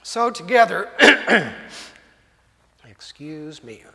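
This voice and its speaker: A man's voice: high voice, very animated, drawn-out words, vocal fry, pushed and bright. A male preacher telling a story in a sermon, vivid and dramatic, in a church hall. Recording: long hall reverb.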